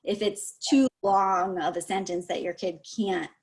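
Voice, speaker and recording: A woman's voice: medium pitch, fairly even intonation, measured pace. Encouraging woman giving practical advice. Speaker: speech-language advisor. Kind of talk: casual advice chat. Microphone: video call.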